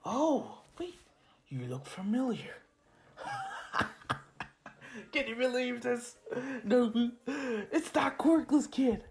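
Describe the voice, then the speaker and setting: A man's voice: very high voice, big pitch swings, slow pace, a little mellow, pitched above the performer's own voice, heavily acted. A man putting on a mocking young male villain who giggles and taunts in a sing-song voice.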